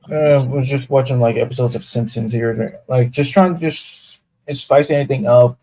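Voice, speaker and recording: A man's voice: medium pitch, moderate pace, dark tone. A man chatting casually on an online stream in a mid-range voice. He rambles on enthusiastically and piles up asides as he goes. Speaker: stream co-host.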